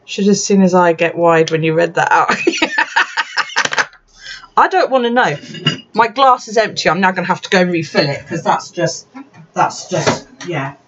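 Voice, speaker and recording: A woman's voice: fairly low pitch, lively intonation, normal speed, a bit bright. A tipsy woman chatting casually as she works on her journal, swearing and laughing often. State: tipsy, drinking. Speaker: bullet journal vlogger. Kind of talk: casual chat while crafting. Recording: dull lo-fi sound, faint background noise.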